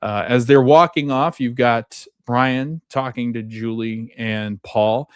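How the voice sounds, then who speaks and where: A man's voice: mid-range voice, steady tone, slow, clear, resonant tone, no echo, studio quality. A man hosting a podcast, casually recapping a TV episode, with lots of fillers and frequent laughs as he retells scenes. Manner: chatty, many fillers, laughs often while retelling scenes. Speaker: podcast host.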